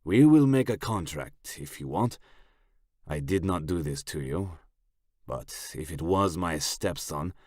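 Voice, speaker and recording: A man voicing a smug, leering Italian crime boss with a thick Italian accent, talking slowly and with menace. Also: low voice, a little mellow, dry recording, studio quality.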